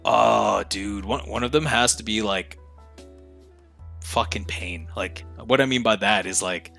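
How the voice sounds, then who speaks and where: A man's voice: lowish voice, unhurried, gravelly, sharp tone, faint music behind. A young man, a streamer guest on a podcast, talking casually with heavy profanity and slang, laughing often.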